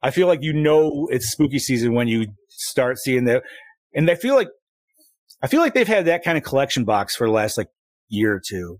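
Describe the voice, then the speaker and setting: A man's voice: mid-range voice, very animated, normal speed, no echo. Casting note: thirties man, easygoing stream co-host, mid-range voice, cussing, dry close sound. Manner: laid-back, swears a lot, calls people dude. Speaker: podcast co-host. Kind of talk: casual profane chat. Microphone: streaming setup with ring light.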